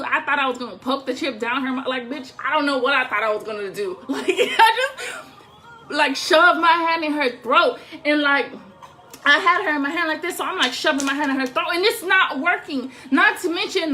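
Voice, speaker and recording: A young woman telling a profane, animated story to the camera at home, laughing as she goes. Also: high-pitched, a little hiss or hum.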